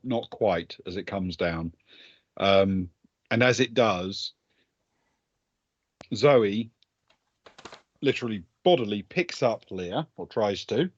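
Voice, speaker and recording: A man's voice: lowish voice, a little mellow, no echo. A man narrating as game master for a tabletop game, chatty and laughing between descriptions, with lots of ums. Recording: dull, dry lo-fi sound.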